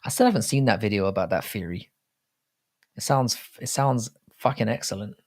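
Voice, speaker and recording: A young livestream host from England, speaking with an English accent in a lowish voice at normal speed, rambles casually through his live chat stream. He swears often and reads viewer comments aloud.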